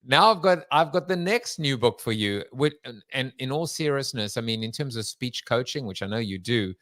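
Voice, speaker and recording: A man's voice: medium pitch, lively intonation, normal speed, a bit bright, no room sound. A man hosting a podcast interview, chatty and playful, with frequent ums. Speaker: podcast host.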